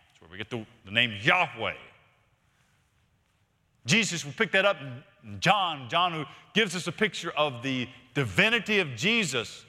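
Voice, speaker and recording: A man preaching a sermon as pastor, emphatic, swinging from loud to hushed and repeating words for stress. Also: on the high side, animated, a little slow. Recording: long reverb of a large hall.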